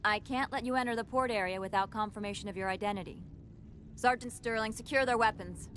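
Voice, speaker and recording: A woman's voice: a little high, fast talker, fairly bright tone, slight background noise, close to an everyday voice. An actress playing a stern, officious female security captain in a video game, with a clipped official delivery. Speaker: game character.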